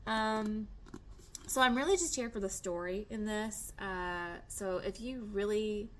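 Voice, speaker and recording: A woman's voice: medium pitch, a little slow, a little hiss or hum. A woman, in her thirties, chatting casually about books she bought, with many ums and restarts. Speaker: book vlogger. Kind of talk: casual chat.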